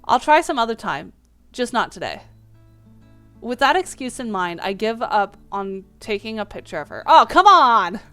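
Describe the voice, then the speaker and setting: A woman's voice: medium pitch, animated, normal speed, smooth, faint music behind. A woman playing a dating game and reading its text aloud, with small slips and playful asides. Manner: reads lines with small slips and restarts.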